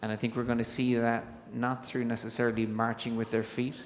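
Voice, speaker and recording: A man moderating a panel on a conference stage, speaking at an ordinary middle pitch. His talk is casual and chatty, with a quick joke here and there. The sound carries a long reverb from the big hall. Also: monotone.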